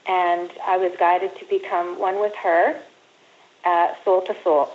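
A middle-aged woman telling a personal story as a guest and reading from her own book in a halting, earnest way. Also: on the low side, flat delivery. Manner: halting, earnest, pauses often. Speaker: guest, mother and author. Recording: dull lo-fi sound.

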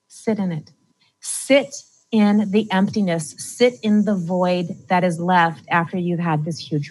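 Calm low-voiced woman coaching emotional release. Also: rough recording. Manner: calm, instructive, speaks directly to listener. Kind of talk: guided emotional-release talk.

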